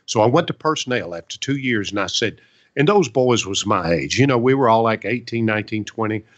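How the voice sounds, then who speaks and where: A man's voice: lowish voice, animated, a little fast, dull audio. Folksy older man telling stories. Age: 70s. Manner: folksy, chatty storyteller. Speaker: veteran and songwriter guest. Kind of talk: casual storytelling interview.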